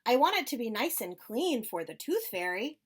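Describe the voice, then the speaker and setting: Brief: excitable little girl piglet, high and bouncy, a man in drag reading it aloud. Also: moderate pace, husky, exaggerated voice. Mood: eager.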